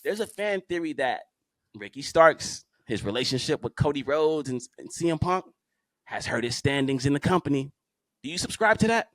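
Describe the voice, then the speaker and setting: A man co-hosting a podcast, talking in a slangy, joking, animated casual chat. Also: a little high, normal speed, no echo. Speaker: podcast co-host.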